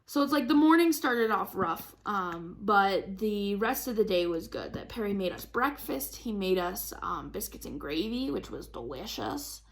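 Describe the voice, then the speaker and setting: A woman's voice: medium pitch, expressive, a little slow, hardly any pauses, slight background noise. A young woman chatting casually about her week while crafting, rambling with lots of fillers and frequent laughs. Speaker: craft vlogger.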